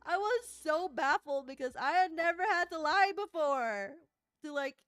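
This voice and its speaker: A young adult woman livestreaming as she crafts, telling a story in a rambling, animated way with laughs. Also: high-pitched, normal speed, no echo, faint music behind. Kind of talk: casual live-stream chat while crafting.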